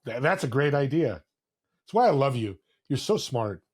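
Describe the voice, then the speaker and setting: An earnest man in his sixties speaks as a podcast guest, his voice sitting at a middle pitch. He tells a story from his own life in a heartfelt, unhurried way and briefly puts on the voices of other people in it. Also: sing-song, husky. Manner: warm, earnest storyteller who acts out quoted voices. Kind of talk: casual storytelling interview.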